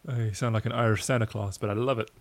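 A man's voice: on the low side, steady tone, racing. A man co-hosting a podcast in casual chat, joking and teasing his partner. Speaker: podcast co-host.

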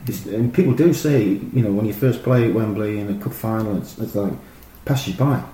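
A middle-aged man, a former footballer, telling animated, rambling stories full of fillers and restarts. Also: lowish voice, a little fast. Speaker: former professional footballer, guest. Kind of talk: casual anecdotal storytelling. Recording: roomy echo with faint noise.

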